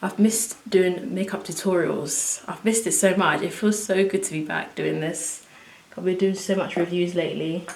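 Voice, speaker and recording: A woman chatting to viewers as she works through a casual makeup tutorial at home, excitable and talking as she goes. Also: fairly low pitch, normal speed, gravelly, a little hiss or hum. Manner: chatty, excitable, talks to viewers while working. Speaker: beauty vlogger. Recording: echoey room.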